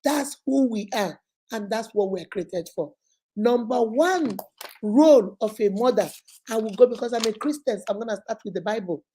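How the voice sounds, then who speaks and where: A woman's voice: on the high side, normal speed, warm tone, a little hiss or hum, low-quality recording. Nigerian woman giving an emphatic pep talk. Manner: emphatic, repetitive exhortation with storytelling asides. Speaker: schoolteacher giving a motivational talk. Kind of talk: motivational talk to mothers.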